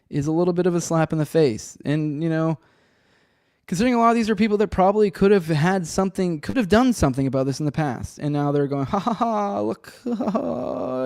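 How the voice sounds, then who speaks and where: A man's voice: mid-range voice, mellow, no echo, studio quality. Profane, rambling man hosting a podcast. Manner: rambling, profane, sardonic, many restarts. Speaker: podcast host. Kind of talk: casual solo commentary with chat. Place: home room with a cat and a desk.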